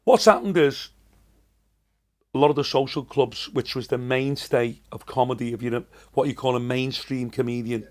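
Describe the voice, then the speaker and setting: A man's voice: mid-range voice, normal speed, darkish tone. A man in his sixties with a Liverpool accent, a comedian telling rambling, chatty anecdotes as a podcast guest. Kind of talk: casual storytelling.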